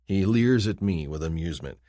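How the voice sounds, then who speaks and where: Deep-voiced male audiobook narrator. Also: lively intonation, fairly quick, mellow, no echo, clean studio sound. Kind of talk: scripted narration.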